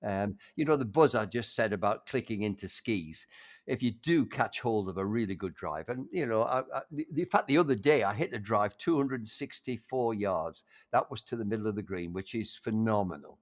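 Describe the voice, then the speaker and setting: An older man reminiscing in a casual conversation, halting with frequent restarts and warmly enthusiastic. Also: on the low side, expressive. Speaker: interview guest.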